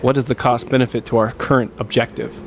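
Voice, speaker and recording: A man's voice: mid-range voice, flat delivery, fast talker, slight background noise. A man playing a tabletop game, speaking matter-of-factly about the group's mission. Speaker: player. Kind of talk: casual tabletop role-play.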